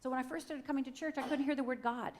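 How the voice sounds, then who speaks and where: Rapid-fire and high-voiced, with fairly even intonation, a middle-aged woman from Upper Michigan speaks from a church stage as a guest. Her testimony is delivered as dramatic storytelling, with acted-out quotes and direct address to the listeners.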